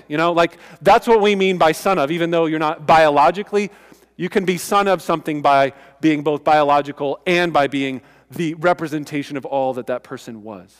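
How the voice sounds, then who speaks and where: Emphatic preaching man, slightly high voice. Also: a little fast, clear, resonant tone, long reverb tail. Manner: conversational, emphatic preaching with asides. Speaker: pastor. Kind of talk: sermon.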